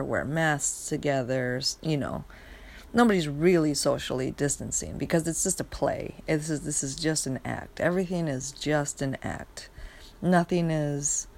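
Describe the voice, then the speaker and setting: A woman's voice: low-pitched, gravelly, darkish tone. A young woman rambling in a casual rant, sleepy and yawning, swearing often and stopping to restart her sentences. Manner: rambling, profane, many fillers and restarts.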